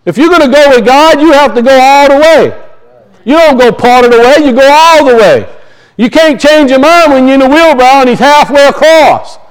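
A man's voice: extremely high pitch, moderate pace, rough recording. A man preaching a sermon, emphatic and repetitive, his voice rising and falling as he drives points home.

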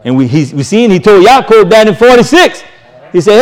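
A man delivering a sermon with a fairly high voice. He talks emphatically, repeating his phrases, rising loud on one line and dropping soft and slow on the next. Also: sing-song, background noise. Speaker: preacher.

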